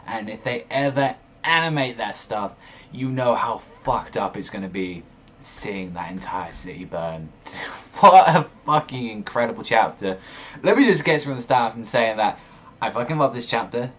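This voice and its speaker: Excitable young man, swearing reaction rant. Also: on the low side. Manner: excitable, swears often, rambling run-on sentences. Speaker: manga reaction channel host. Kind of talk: excited casual reaction monologue.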